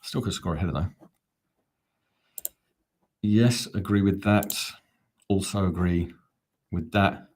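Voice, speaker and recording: A man's voice: deep voice, steady tone, slow pace, pauses often, darkish tone, slight background noise. A man hosting a live football fan watch-along, calling the play and chatting back to viewer comments. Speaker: fan channel host.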